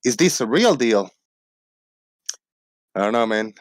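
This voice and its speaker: A man hosting a casual livestream, rambling playfully and reading out shout-outs to viewers. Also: medium pitch, animated, measured pace, no room sound, studio quality. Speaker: livestream host. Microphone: desk microphone.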